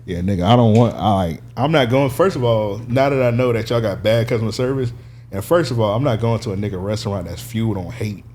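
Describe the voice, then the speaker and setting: A man's voice: fairly low pitch, fast, darkish tone. A man on a casual podcast, telling a long story, swearing freely and laughing as he goes. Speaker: podcast co-host. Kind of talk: casual chat.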